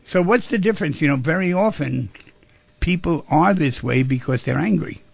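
Male call-in host, husky and gravelly, direct coaching delivery. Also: on the high side, normal speed, no room sound. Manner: direct, coaching, repeats for emphasis. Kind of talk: call-in advice radio talk.

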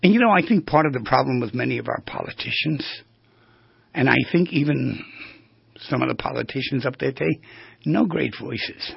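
Gravelly husky New radio host. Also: male voice, medium pitch, expressive, normal speed, dry recording, dull audio. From New York. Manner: rambling, storytelling, drifts between tangents. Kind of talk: casual talk on voice skills.

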